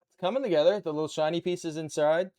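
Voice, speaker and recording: Fast and mellow, his voice sits on the high side. The Canadian-accented speaker, a Canadian man, works on a model kit during a live stream while tossing casual, playful banter back and forth with chat.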